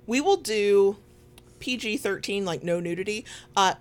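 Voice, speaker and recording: A podcast co-host with a Southern American accent talks at a measured pace in an animated, medium-pitched voice. In a home recording room, she chats casually, drifting through asides and laughing often.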